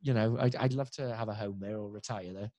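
Welsh male podcast host, chatty impressionist, animated storyteller, swears a lot. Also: on the low side, brisk, dry recording. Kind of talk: casual chat.

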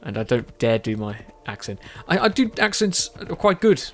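This gaming video host sounds fairly high and sing-song, moving at a moderate pace. He's tired, his throat is sore, and his easygoing commentary on the game wanders and keeps doubling back to fix what he's said.

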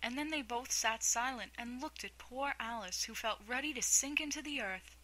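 Woman narrator, storybook audiobook, calm bedtime read with a very bright, crisp voice. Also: a little high, moderate pace, low-quality recording. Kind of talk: storybook reading.

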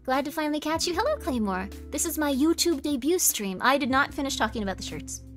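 A woman streamer rambles cheerfully to her live chat in a slightly high voice, giggling and making fun of herself between filler words. She speaks into a desk microphone. Faint music plays underneath. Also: expressive, quick pace. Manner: bubbly, giggly and self-deprecating, lots of "like". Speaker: VTuber streamer. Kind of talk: casual live-stream chat reading chat messages.

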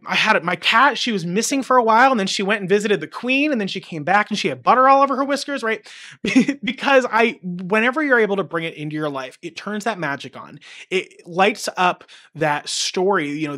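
Bright, animated male music teacher. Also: high-pitched. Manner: animated, acts out kid voices and chants. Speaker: music teacher and podcast host. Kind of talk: teaching talk with acted-out story examples.

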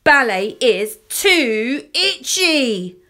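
A woman voicing a cranky little girl throwing tantrums, whiny and shouting in drawn-out words. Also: sits high, very animated, pitched above the performer's own voice, exaggerated voice.

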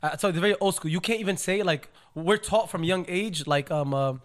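A man from a Yemeni family chats as a podcast guest. His voice is high and his pace brisk. He tells small stories in a relaxed, easy way. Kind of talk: casual chat.

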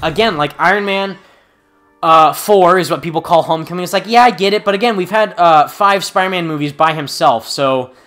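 A man's voice: high-pitched, fairly quick, fairly bright tone. A young man hosting a gaming channel, chatting casually and rambling with lots of fillers and restarts, and he has the hiccups. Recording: music playing behind.

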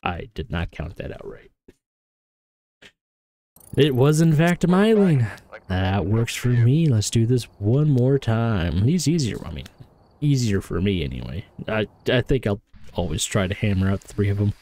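A man's voice: lowish voice, animated, moderate pace, warm tone, a little hiss or hum, low-quality recording. A man giving casual, think-aloud commentary while playing a game, often correcting himself and talking to the in-game ghost. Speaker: gaming streamer.

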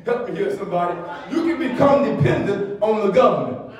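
Man, pastor, very high pitch, rhythmic shouted sermon delivery, booming reverb, mic well off. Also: expressive, fairly quick. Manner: rhythmic preaching with shouted repetitions, calls for response. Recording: echoey church sound from far off.

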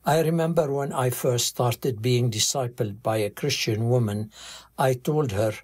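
Slow, husky-voiced man reading aloud. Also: medium pitch, darkish tone. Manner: slow, measured, earnest reading. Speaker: audiobook reader.

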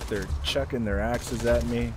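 A man's voice: medium pitch, steady tone, unhurried, over loud music. Wry man narrating his gameplay. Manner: wry, joking asides while playing. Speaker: gameplay commentator. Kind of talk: casual let's-play commentary.

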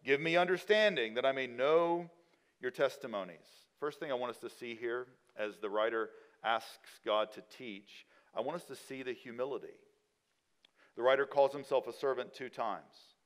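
A man preaching a sermon as a pastor in a church, rising to loud, emphatic peaks and dropping to quiet, low endings. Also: normal speed.

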